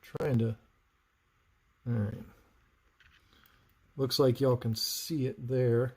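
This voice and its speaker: A man's voice: medium pitch, steady tone, very slow, dark tone, slightly rough. Chatty man soldering live. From North Carolina, US. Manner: chatty, narrates work while answering viewers. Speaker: livestream host, saber builder. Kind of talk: live soldering tutorial chat.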